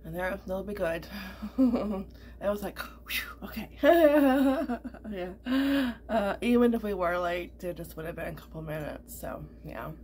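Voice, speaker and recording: A woman's voice: medium pitch, lively intonation, measured pace, a little mellow, a little hiss or hum. A middle-aged woman vlogger chatting casually, rambling with lots of fillers and repeats. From Canada. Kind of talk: casual chat.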